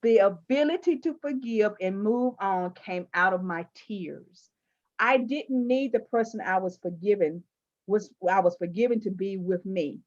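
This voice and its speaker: A woman talks through a candid interview. She tells stories with animated emphasis and playful asides, in a voice of ordinary pitch. The recording sounds somewhat dull and lo-fi. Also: a little slow.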